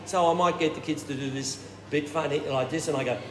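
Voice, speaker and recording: A man leading a choir warm-up workshop, explaining technique and showing it with hums and falsetto sounds. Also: steady tone, brisk. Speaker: choir director. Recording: roomy hall with reverb and noise.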